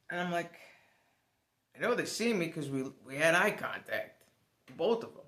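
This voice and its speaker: A man telling a personal story to the camera in a casual vlog, animated and swearing now and then. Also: a little high, measured pace, pauses often, reverberant. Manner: animated, swears, laughs as he tells it. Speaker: vlogger.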